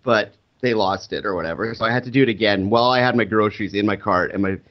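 A man who is a teacher, telling a story in casual chat, animated and acting out the people he quotes. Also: on the low side, quick pace, highs cut off.

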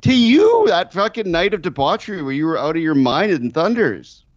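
A man in casual chat, profane and quick to laugh. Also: fairly high pitch, expressive, dry recording, highs cut off.

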